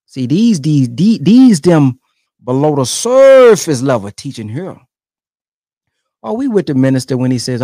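A man giving casual commentary on speech clips, animated and colloquial, repeating phrases for emphasis. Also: fairly high pitch, a little slow, no echo, clean studio sound.

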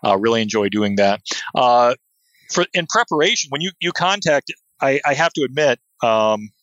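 A man's voice: medium pitch, animated, normal speed, fairly bright tone, no echo, highs cut off. A man talking as a guest in a casual interview, enthusiastic, with many fillers and restarts. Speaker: podcast guest, SEO expert.

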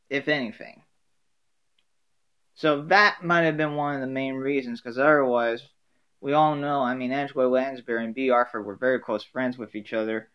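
Casual fan commentary, rambling, apologetic, mid pitch. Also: a bit bright. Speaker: sitcom fan.

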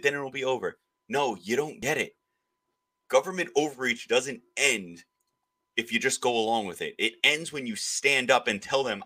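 Forceful, ranting podcast host man. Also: mid-range voice, moderate pace. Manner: ranting, emphatic, slips into mocking voices. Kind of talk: opinionated political podcast talk.

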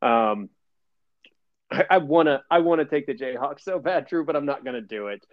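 A man's voice: mid-range voice, expressive, normal speed, no room sound. A man hosting a loose sports chat, full of joking and teasing. His voice sits in a middle register. The recording is dull and lo-fi, with a dry, close sound. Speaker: podcast co-host.

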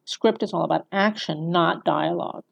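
A woman lectures on screenwriting in a relaxed, conversational way. Her voice sits a little low and has a gravelly fry, and she keeps checking in with her listeners by asking "right?". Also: moderate pace. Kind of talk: recorded lecture.

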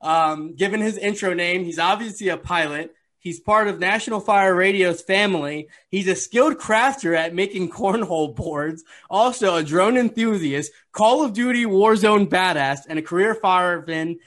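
Male podcast host, high voice, excitable rambling chat. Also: normal speed, hardly any pauses. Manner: excitable, rambling, laughs easily.

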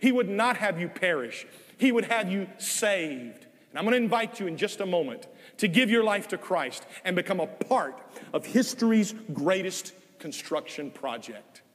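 Older preacher, lively, echoing sanctuary. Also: male voice, high-pitched. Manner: earnest, swings from loud emphasis to soft, drawn-out phrases. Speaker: guest preacher. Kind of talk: sermon. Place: church sanctuary.

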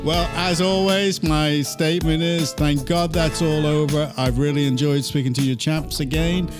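A man's voice: fairly high pitch, steady tone, normal speed, over music. A man hosting a casual chat show, joking, teasing the others and laughing often. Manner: jokey, laughs a lot, teasing. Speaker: show host. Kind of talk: casual chat, leading a segment.

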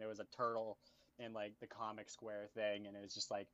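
A man's voice: fairly low pitch, completely flat delivery, a little fast. A young man co-hosting a casual podcast, blunt and swearing a lot. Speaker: podcast co-host. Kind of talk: casual chat. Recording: dull lo-fi sound.

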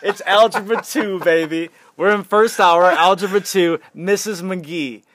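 A young man chatting casually on a podcast, telling a story in an animated way, laughing and swearing freely. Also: sits high, measured pace, no room sound, clean studio sound.

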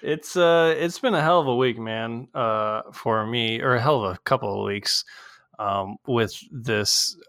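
A man's voice: medium pitch, a little slow, fairly bright tone, clean tone, no echo, clean studio sound. A young man hosting a casual podcast, rambling with lots of fillers and swearing, acting out quoted people in a raised voice. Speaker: podcast host. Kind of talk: casual chat.

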